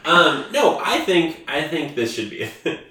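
A young man chatting loosely on a comedy podcast, riffing and breaking into laughter. His voice comes from off the mic in a very echoey room, so it sounds distant and boomy. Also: big pitch swings, normal speed, bright, forceful tone. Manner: rambling, laughing, riffing on listener posts. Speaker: podcast co-host. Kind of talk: casual comedic chat.

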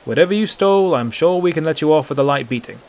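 A man's voice: fairly high pitch, steady tone, moderate pace, fairly bright tone. A patronizing city gate guard with a smug, falsely kind tone, put on by a storyteller. He sounds a little raised and pleased with himself. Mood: condescending. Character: condescending city gate guard, adult man.

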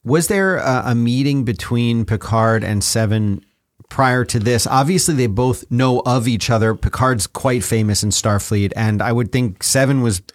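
A man co-hosting a casual podcast, curious and measured, who keeps asking questions. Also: medium pitch, no room sound, clean studio sound. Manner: inquisitive, asks questions, measured. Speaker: podcast co-host.

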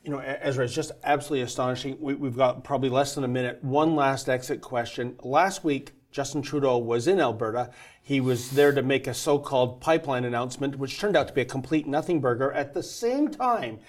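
A man's voice: medium pitch, a little fast. A man hosting a political talk show, speaking in an indignant, sarcastic way. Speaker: host.

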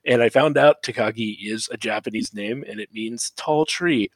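A man casually recapping episodes of a show on a podcast, rambling with restarts and quick laughing asides. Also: medium pitch, no echo. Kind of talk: casual chat.

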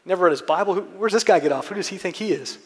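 A preacher putting on a nosy churchgoing man who pries, then turns indignant and scandalized, his voice pushed higher and louder than usual. The sound rings through a large echoey church hall. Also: animated, fast, natural voice. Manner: prying, increasingly scandalized.

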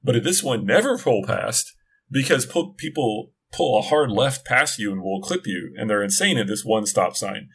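A man's voice: mid-range voice, lively intonation, moderate pace, gravelly, a bit bright, husky. A middle-aged man chatting casually on a podcast, telling a long story with many restarts and asides. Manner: rambling, self-interrupting storyteller. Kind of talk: casual chat.

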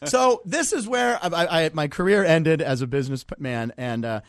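A man's voice: fairly high pitch, moderate pace, dry recording, clean studio sound. A man in his forties from the Pittsburgh area, a comedian telling a story as a guest on a talk show. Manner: animated, acts out voices in his stories. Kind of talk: casual storytelling.

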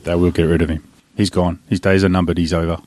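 A man co-hosting a comedy chat, telling mocking stories in an animated way. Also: low voice, fast talker. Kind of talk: comedic storytelling.

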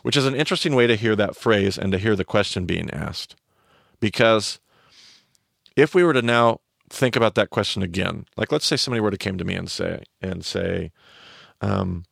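A man's voice: lowish voice, moderate pace, gravelly, a bit bright, no room sound, studio quality. A man teaching on a podcast, explaining a story and quizzing his cohost with questions.

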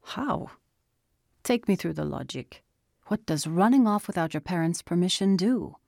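A woman voicing a calm, probing teenage boy who questions his friend in a measured way. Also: on the low side, vocal fry, dry recording, studio quality. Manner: questioning, measured, gently pressing.

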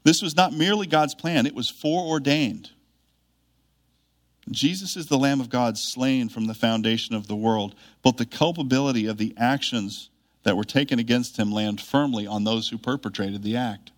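Earnest male preacher, measured delivery. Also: mid-range voice. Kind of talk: sermon.

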